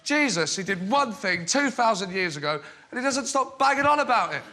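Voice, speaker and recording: A man doing a mocking, loud comic rant on a panel show stage, shouting his punchlines. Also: sits high, lively intonation, fairly quick. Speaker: comedian arguing a side. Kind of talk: stand-up style comic rant. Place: studio with live audience. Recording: loud laughing crowd, noisy.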